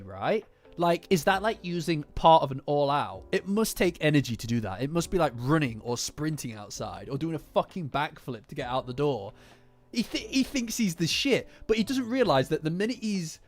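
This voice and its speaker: A young man with a British accent chatting casually as a manga reaction streamer, swearing freely, answering live comments and acting out characters in quick asides. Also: on the high side. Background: soft lofi music.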